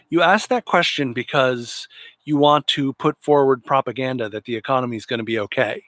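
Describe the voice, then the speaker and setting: A man hosts a late-night political commentary livestream, his tone indignant and sarcastic. His voice sits at a middle pitch. It is recorded close and dry, with no room sound. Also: normal speed, fairly bright tone, no room sound. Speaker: livestream host.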